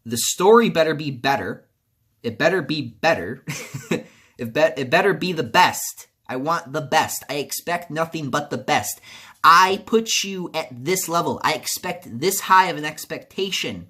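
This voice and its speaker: Animated man ranting angrily about a game. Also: on the high side, unhurried, breathy edge. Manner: angry, profane, repetitive ranting. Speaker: gaming video creator. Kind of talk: video game commentary rant.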